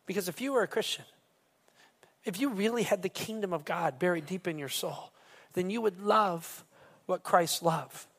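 A pastor preaching a sermon earnestly, often repeating words as he builds momentum. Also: high voice.

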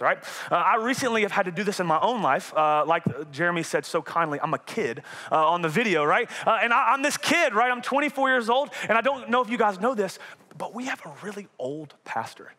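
A youth pastor in his twenties, with a high-pitched voice and a North Carolina accent, delivers an energetic, conversational sermon. He frequently asks "right?" as he goes.

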